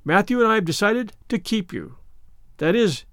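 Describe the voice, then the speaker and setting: A man's voice: sits high, very animated, a bit bright, no echo, clean studio sound, voice pushed up, exaggerated voice. A man voicing a strict middle-aged spinster in an audiobook, curt and disapproving. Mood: stern. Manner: curt, disapproving, slow and firm. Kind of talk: audiobook character voice.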